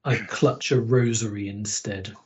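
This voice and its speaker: A man's voice: fairly low pitch, fairly even intonation, moderate pace, dull audio, slight background noise. A man playing a tabletop game, describing his character hesitantly and thinking aloud. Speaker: player. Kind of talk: casual tabletop game chat.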